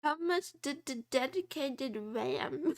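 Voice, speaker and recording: A woman's voice: sits high, animated, slow pace. A woman streamer chatting casually with her viewers and reading their messages aloud. She giggles often, puts herself down playfully and drops in little meows.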